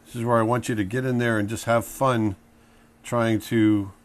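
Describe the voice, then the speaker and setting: A man's voice: mid-range voice, normal speed. Man teaching drawing while he sketches. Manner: relaxed, acts out emotions in bursts while drawing. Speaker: drawing instructor.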